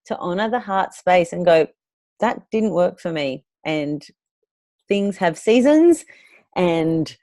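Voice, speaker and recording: Soft lower-voiced woman on a podcast, gentle and affirming, dry sound. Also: no room sound. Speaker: podcast co-host. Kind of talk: casual spiritual chat.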